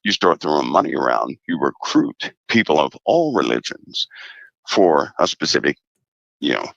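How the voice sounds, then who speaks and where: A man speaking as a guest commentator in a casual interview, deliberate and emphatic, repeating key phrases. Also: very deep voice, sing-song, creaky, fairly bright tone, dry recording, dull audio.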